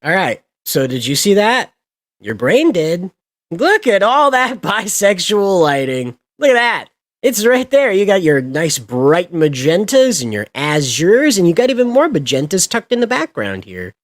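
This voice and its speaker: A man's voice: high voice, sing-song, measured pace, no room sound. A man hosting a livestream, ranting in a sarcastic, sweary, exasperated way. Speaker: livestream host. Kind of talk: casual ranting stream commentary.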